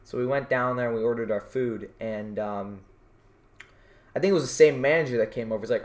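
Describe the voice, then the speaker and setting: A man's voice: medium pitch, a little fast. A man performing a self-written stand-up routine for his channel, rambling with many restarts. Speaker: vlogger doing stand-up.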